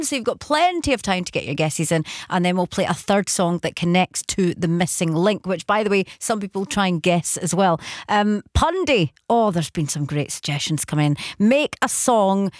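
A woman's voice: mid-range voice, no echo. A woman hosting a late-night radio show in a studio, chatty and giggly as she reads out listener messages. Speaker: radio host. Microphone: studio microphone.

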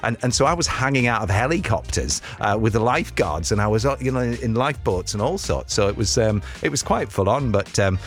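A man presenting on the radio in an animated, friendly chatter, his pitch rising and falling a lot. His voice sits low, with faint music playing under him. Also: brisk, hardly any pauses. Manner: chatty, enthusiastic, filler-heavy. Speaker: radio show host.

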